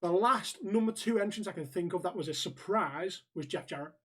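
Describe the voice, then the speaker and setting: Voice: mid-range voice, fairly quick, slightly rough. Blunt podcast co-host. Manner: blunt, swears freely, tells stories with quoted dialogue. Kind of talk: casual ranting chat.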